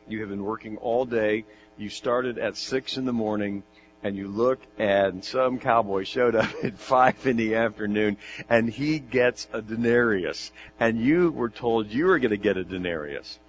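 A man preaching a sermon, lively, with joking asides and questions to his listeners. His voice sits at an ordinary pitch. The recording sounds dull and lo-fi, with a faint mains hum underneath. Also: a little slow. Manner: animated, jokey asides and rhetorical questions.

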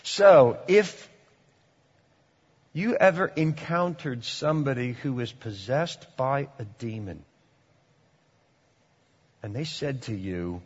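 Husky preacher in a reverberant hall. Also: male voice, mid-range voice, expressive, takes it slowly, pauses often, dull audio. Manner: dramatic preaching, swinging from loud to hushed. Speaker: pastor. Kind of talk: sermon. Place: church hall.

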